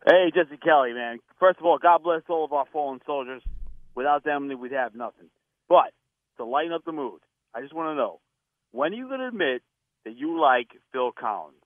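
A man's voice: fairly high pitch, expressive, moderate pace, dry recording. A man calling in to a radio show, chatting in a friendly, teasing way. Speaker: caller. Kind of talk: radio call-in. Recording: tinny phone line, dry.

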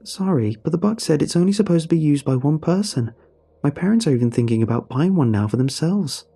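A man plays an eager young girl, chattering with a raised, lively voice. The tone stays a touch husky underneath. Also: on the high side, a little fast, pitched above the performer's own voice, full character voice. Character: young girl, excited friend.

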